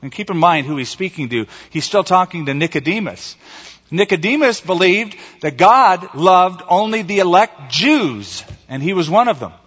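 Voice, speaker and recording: A male pastor delivering an emphatic sermon in a fairly high voice. He slows down to stretch out the key words. His voice rings through a church hall with a long echo, and the sound is a little dull. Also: lively intonation, fairly bright tone, breathy edge. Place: church sanctuary.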